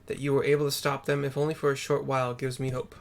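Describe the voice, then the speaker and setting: A man's voice: medium pitch, little pitch movement, fast, creaky, slight background noise, lightly acted. A man voicing an earnest, formal nobleman in archaic speech, stumbling on hard words. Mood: solemn.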